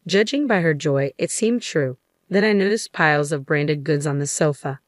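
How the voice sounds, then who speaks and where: A woman narrating a first-person story in a measured, even storytelling manner. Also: low voice, dry recording.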